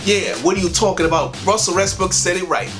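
A man hosting a gaming channel, ranting angrily with lots of cursing, loud outbursts and drawn-out sing-song emphasis. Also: high voice. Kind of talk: profane ranting vlog. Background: music.

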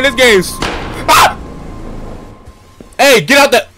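A young man narrates his own horror game playthrough with slangy, excitable chatter that breaks into yelling when something startles him. His voice sits a bit high and swings widely in pitch. Game music plays clearly underneath. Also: normal speed. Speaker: gaming YouTuber. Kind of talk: horror game let's play commentary.

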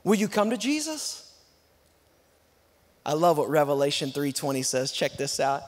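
A guest pastor from Texas preaching an emphatic sermon and calling on the congregation to answer back, rushing some phrases and stretching out others. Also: male voice, a little high, sing-song, a little hiss or hum. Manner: emphatic, call-and-response with the congregation; swings between fast and slow, drawn-out emphasis. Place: large church sanctuary. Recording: long church hall reverb.

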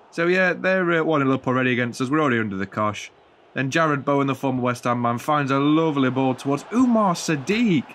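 A man's voice: mid-range voice, a bit bright, slight background noise. A man giving rambling, jokey play-by-play commentary on a football video game, breaking into mock-commentator flourishes. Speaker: gaming channel host.

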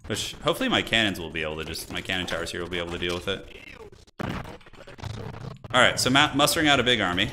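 A man's voice: lowish voice, sharp tone, a little hiss or hum. A young man streaming a strategy game, chatting casually and thinking aloud as he plays. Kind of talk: casual gameplay commentary.

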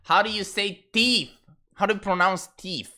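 A man's voice: high-pitched, moderate pace, bright, forceful tone. A man streaming a game, chatting casually and ranting with frequent swearing. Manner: profane, exasperated ranting with laughter. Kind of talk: casual gaming stream chat.

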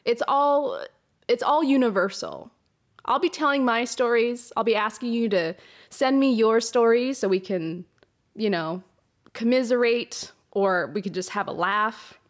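A woman's voice: on the high side, measured pace. A young adult woman hosting her own podcast, talking candidly in a casual confessional monologue, swearing freely and restarting phrases into a hot close mic. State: emotional, runny nose. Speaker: podcast host.

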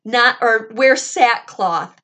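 A woman doing a slow, solemn king. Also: fairly high pitch, fairly bright tone. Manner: slow, drawn-out proclamation. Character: solemn ancient king issuing a decree.

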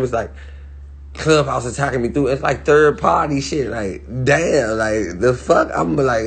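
Man from DC, gravelly and husky, doing a heated profane phone livestream rant. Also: mid-range voice, a little mellow.

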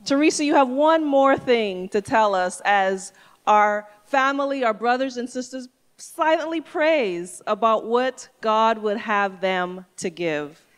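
A woman hosting a church service, introducing a guest and calmly inviting people to give an offering. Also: a little high, takes it slowly. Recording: long hall reverb.

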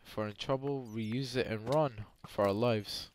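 A young man giving game commentary, excitable, often yelping and screaming when in danger. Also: medium pitch, normal speed, slight background noise. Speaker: gameplay commentator.

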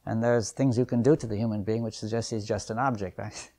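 Older man musing in a low voice. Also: steady tone, fairly quick. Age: 70s. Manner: thoughtful, musing, keeps checking in with "right?" and "you see"; chuckles softly between points. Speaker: seminar leader. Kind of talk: unscripted seminar lecture.

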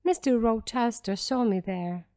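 A woman narrating a storybook for English learners in a careful, clear reading. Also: a little high, measured pace, warm tone.

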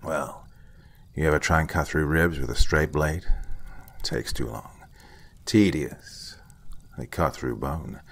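A man playing an older, blunt forensic investigator who lectures in short, curt sentences with a husky voice. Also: rumbling low, takes it slowly, a bit bright, full character voice. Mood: curt, lecturing. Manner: blunt, curt, lecturing, some lines whispered. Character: gruff veteran male forensic investigator, blunt.

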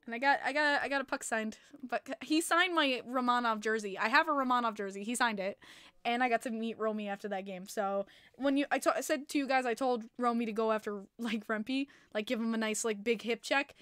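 A woman hosting a casual hockey podcast livestream, excitable, laughing often and swearing freely as she reads chat messages. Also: a little high, brisk, clean tone, no room sound, clean studio sound. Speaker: podcast host.

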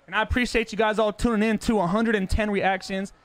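A young man with a high, light voice streams a football video game and talks straight to his chat. He is brash and profane, quick to get defensive and brag about his record. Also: level tone, fairly bright tone. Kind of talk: casual live-stream talk to chat.

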